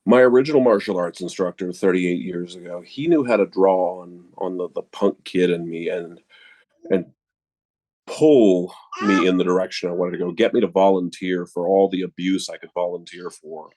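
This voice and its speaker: An older man with a very low voice speaks earnestly. He reflects on his years as a student, in a relaxed sharing tone. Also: moderate pace. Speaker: martial arts student sharing. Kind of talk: casual sharing.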